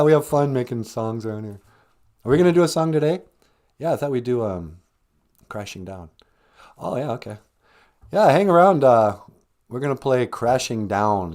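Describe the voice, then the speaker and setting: Upbeat Minnesotan podcast host. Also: male voice, medium pitch, sing-song, normal speed, pauses often, darkish tone. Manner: upbeat, chatty, laughing easily. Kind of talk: comedic podcast sketch.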